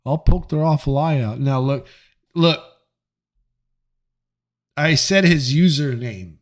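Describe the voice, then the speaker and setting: A man hosting a live stream, chatting casually with viewers in a joking, profane and animated way. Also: fairly high pitch, slow. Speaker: livestream host reading chat.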